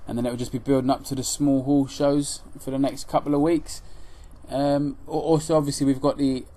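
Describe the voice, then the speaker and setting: A man's voice: medium pitch, flat delivery, brisk, mellow. A man hosting a boxing podcast, easygoing and chatty as he runs through upcoming events. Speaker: podcast host. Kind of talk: casual chat.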